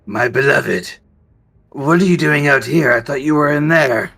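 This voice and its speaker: A man's voice: mid-range voice, a little slow, gravelly, sharp tone, breathy edge, soft background music, exaggerated voice. A man voicing a fawning, lovestruck undead male creature in a tabletop game, groveling and adoring.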